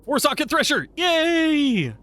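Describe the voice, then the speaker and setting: A man's voice: very high-pitched, very animated, takes it slowly, pushed and bright. A man streaming gameplay live, chatting in a rambling, self-deprecating way while answering chat. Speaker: streamer playing a game live.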